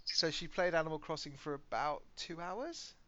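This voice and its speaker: A man's voice: fairly high pitch, expressive, normal speed, heavy background noise. A British man co-hosting a gaming podcast, chatting casually and telling stories animatedly, swearing freely. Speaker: podcast co-host. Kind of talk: casual chat. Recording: slightly muffled podcast audio.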